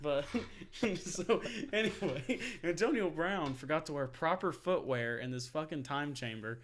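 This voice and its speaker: A man's voice: fairly high pitch, animated, unhurried, fairly bright tone, a little hiss or hum. A young man, co-hosting a casual sports podcast, ranting with lots of swearing and laughter. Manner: profane, ranting, laughs often. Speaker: podcast co-host.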